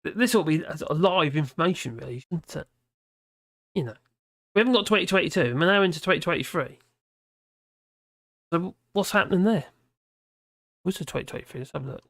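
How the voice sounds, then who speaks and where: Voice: mid-range voice, lively intonation, brisk, long pauses, no echo, studio quality. A tired stream host with a mumbling, rambling manner and many restarts, chatting casually and reading out comments.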